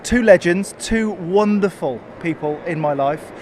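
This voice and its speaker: A man's voice: high-pitched, a little slow, a little mellow, slight background noise. A man presenting at an outdoor motor event, bantering in a jokey showman tone. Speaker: video presenter.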